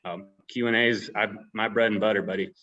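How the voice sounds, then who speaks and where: A man's voice: lowish voice, fairly quick, dull audio. A man on a video call, talking casually with many fillers and restarts. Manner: hesitant, filler-heavy, relaxed. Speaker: head distiller. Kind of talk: casual panel talk.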